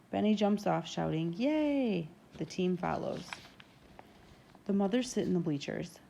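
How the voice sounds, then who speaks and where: A woman reading a first-person novel aloud in steady, even narration. Her voice is low with a gravelly edge. The tone is dark and mellow. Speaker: audiobook narrator.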